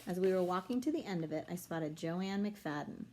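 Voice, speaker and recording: A woman reading a children's novel aloud with a low-set voice. She tells the story steadily, switching into the children's voices for dialogue. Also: fairly quick, mellow, slight background noise. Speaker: reader.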